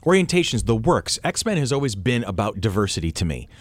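A man's voice: on the low side, a little fast, no echo. A man co-hosting a casual group conversation, his voice rising and falling freely as he restarts and circles back on his points. The sound is close and dry, with no room around it. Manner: animated, circles back and restarts mid-thought.

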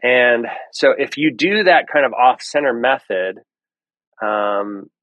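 A man guest on a podcast, explaining in a relaxed way with frequent ums and restarts. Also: medium pitch, takes it slowly, no echo, low-quality recording. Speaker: lighting guest. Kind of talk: casual podcast interview.

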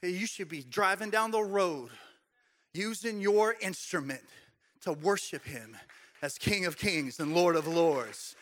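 In an unhurried sermon delivered in a church sanctuary, this middle-aged pastor's very high voice rings bright and forceful. Loud shouted exhortations give way to soft, intimate conversation sprinkled with playful joking asides, making it feel lively and personal.

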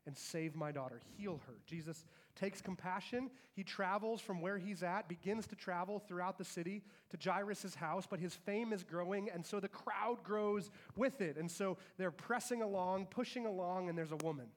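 A pastor preaching to his congregation in a fairly high, light voice. He tells the story with animation and slips into the lines of its characters as he goes. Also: moderate pace, few pauses. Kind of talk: sermon.

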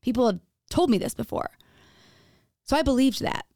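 A woman's voice: sits high, expressive, normal speed, dark tone, no echo, clean studio sound. A woman telling her own story on a podcast, frank and casual, swearing freely and saying "like" often. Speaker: podcast speaker. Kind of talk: candid personal storytelling.

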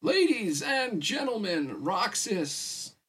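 A loud, excitable male tournament announcer, put on by a man reading a story aloud, calling out names in a raised, high voice. He stretches every announcement into a big moment, with a slightly husky edge. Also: exaggerated voice. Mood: hyped. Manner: booming, drawn-out announcing.

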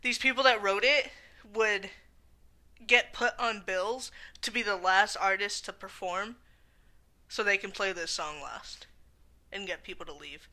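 A woman's voice: medium pitch, unhurried, long pauses, sharp tone. A woman co-hosting a casual podcast chat, talking loosely and often quoting people in little acted lines. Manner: chatty, quotes people in play-acted lines. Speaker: podcast co-host.

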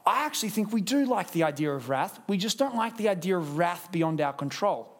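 Aussie guy preaching a sermon, pretty high voice, chatty and lively, does little impressions. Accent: Australian. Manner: lively, conversational, acts out quick impressions. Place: church service.

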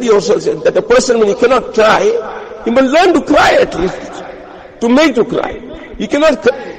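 A man's voice: high voice, rough recording. A man, an Islamic scholar, giving a sermon, telling stories with frequent restarts and repeated words.

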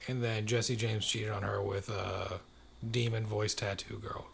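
A man's voice: lowish voice, little pitch movement, a little slow, vocal fry, a bit bright, a little hiss or hum. A man co-hosting a casual chat, joking and riffing on celebrity gossip.

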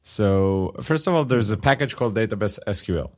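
A man's voice: on the low side, expressive, fairly quick. A man co-hosting a casual tech podcast, playful and joking, laughing often and using lots of uh fillers. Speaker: podcast co-host.

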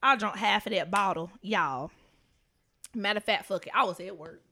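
A woman co-hosting a podcast, telling funny stories in an animated, profane way with lots of laughter. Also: medium pitch, normal speed. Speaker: podcast co-host. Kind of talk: casual podcast storytelling.

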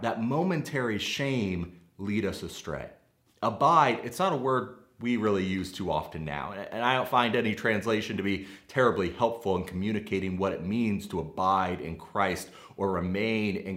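A man with a Midwestern American accent preaching a sermon, earnest and measured, slowing down to stress key phrases. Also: on the low side, fairly bright tone, reverberant. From Midwestern United States. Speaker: pastor.

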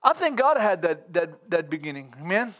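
A middle-aged man preaching a fervent sermon, folksy in grammar and rising at times to shouts. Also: high-pitched, sing-song, moderate pace.

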